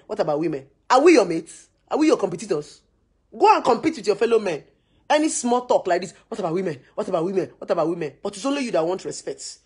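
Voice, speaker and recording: Husky Nigerian woman ranting forcefully. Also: lowish voice. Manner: forceful, preachy, repetitive rhetorical questions. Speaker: social media commentator. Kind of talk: opinionated to-camera rant.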